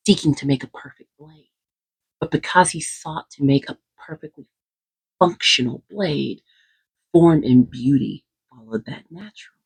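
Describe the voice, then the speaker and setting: Husky woman host, animated and emphatic, casually retelling lore. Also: low voice, poor audio. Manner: animated and emphatic, drops into whispers. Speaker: channel host.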